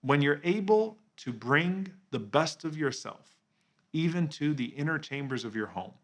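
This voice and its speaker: A man giving a reflective religious talk as a preacher, earnest and measured, slowing down on key phrases and dropping softly on the honorific blessings. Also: fairly high pitch, lively intonation. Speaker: Islamic preacher.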